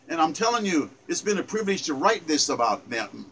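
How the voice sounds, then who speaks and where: A man's voice: fairly high pitch, big pitch swings, brisk, fairly bright tone, breathy edge, rough recording. A man in his seventies earnestly reciting his own sonnet, emphatic and repeating phrases with small stumbles. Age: 70s. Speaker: poet.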